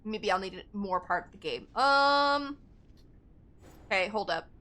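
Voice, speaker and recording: Casting: woman game streamer, chatty, quick to self-correct, bright voice. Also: mid-range voice, lively intonation. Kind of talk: casual gameplay commentary.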